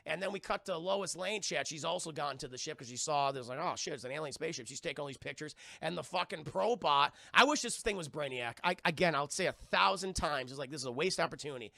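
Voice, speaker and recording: Sweary streamer guy rambling thru a movie recap to chat, bright gravelly voice, dry sound. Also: fairly high pitch, lively intonation, quick pace, few pauses, no room sound. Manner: rambling, profane, keeps addressing chat. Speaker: streamer reviewing films. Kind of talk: casual live-stream film recap.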